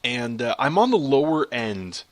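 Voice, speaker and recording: A man giving casual, chatty commentary over his own gameplay, excitable and quick to laugh at himself. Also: mid-range voice, dry recording. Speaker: gaming video creator.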